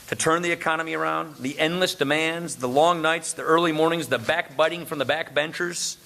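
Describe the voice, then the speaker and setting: A middle-aged man from Wisconsin giving a formal luncheon speech, and he pauses for laughs after his punchlines. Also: a little high, bright, forceful tone, a little hiss or hum. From Wisconsin, USA. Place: large banquet room. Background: audience laughter and room ambience.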